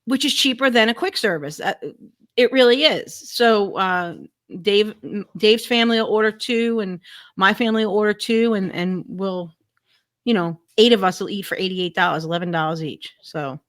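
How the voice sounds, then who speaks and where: A chatty woman co-hosting a relaxed live stream about food. She laughs easily and often stops mid-word to start over, in a plain mid-range voice. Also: medium pitch, moderate pace. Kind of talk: casual chat.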